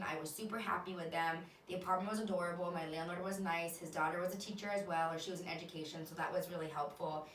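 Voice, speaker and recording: A woman in her twenties hosts a podcast and tells her own stories in an open, animated way, swearing without a second thought. Her voice sits on the low side. She sounds a little distant from the mic, in an echoey room with faint noise behind her. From United States. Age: 20s. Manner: candid, animated, swears casually. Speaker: podcast host. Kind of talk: casual storytelling monologue.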